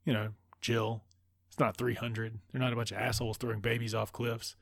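A man with a rough, gravelly voice recaps a film with loose, rambling asides and constant swearing. His sarcastic commentary sits at an ordinary pitch for a man. The sound is dry and close, with no room echo. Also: little pitch movement, brisk, fairly bright tone. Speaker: movie recap host. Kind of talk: profane comedic movie recap.

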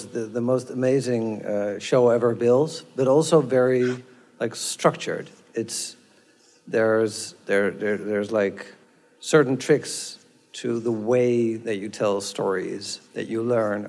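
Slow, halting man in a reverberant hall. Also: mid-range voice, darkish tone. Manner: halting, with many restarts. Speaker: audience member asking a question. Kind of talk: audience question.

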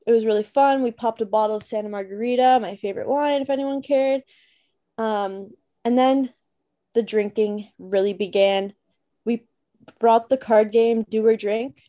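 A woman's voice: fairly high pitch, fairly even intonation, normal speed, dark tone. A young woman podcast co-host from Canada, chatting casually and telling a story with lots of fillers. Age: young adult.

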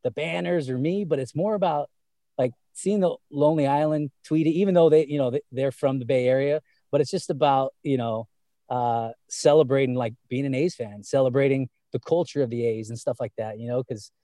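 A man's voice: medium pitch, fairly quick, mellow, dry recording. A man talking casually as a fan guest, rambling with many fillers and restarts. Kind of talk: casual conversation.

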